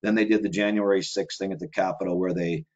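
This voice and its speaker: A man's voice: sits low, steady tone, fast talker, darkish tone. A man speaking as an interview guest in a casual, rambling way, with run-on sentences and lots of filler words. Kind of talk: casual conversational monologue.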